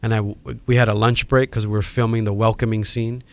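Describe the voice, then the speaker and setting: A middle-aged man, a podcast guest telling a story in casual, animated chat and acting out the people in it. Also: lowish voice, fast talker. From Hawaii. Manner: animated, acts out quoted voices.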